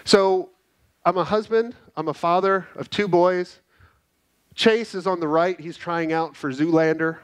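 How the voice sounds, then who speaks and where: A middle-aged man giving an energetic, animated conference talk, telling stories and checking in with the crowd with "right?". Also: high-pitched, measured pace, smooth. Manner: energetic, animated storytelling with frequent "right?" tags. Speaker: conference speaker. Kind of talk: keynote talk to a live audience. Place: conference hall.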